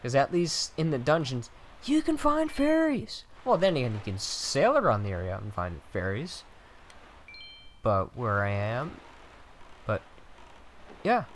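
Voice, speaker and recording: A man's voice: mid-range voice, sing-song, measured pace, long pauses, a little hiss or hum. A man giving casual, chatty gameplay commentary, joking at his own expense and grumbling at enemies. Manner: chatty, self-mocking, mild cursing at enemies. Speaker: let's play gamer.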